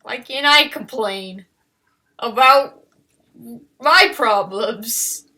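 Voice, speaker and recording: A woman rambles casually while she works on a drawing, in a high, bright voice. She talks at an unhurried pace. She turns playfully to her dog now and then. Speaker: digital artist.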